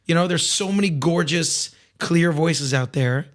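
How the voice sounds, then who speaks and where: Slightly raspy man telling his story. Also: a little high, measured pace. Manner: candid, reflective storytelling with many restarts. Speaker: singer and podcast guest. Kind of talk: casual interview conversation.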